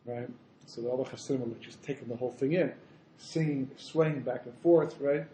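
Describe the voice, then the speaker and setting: A man rabbi giving a Torah lecture in an animated storytelling way, full of asides. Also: mid-range voice, fairly quick, slight background noise. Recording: roomy echo.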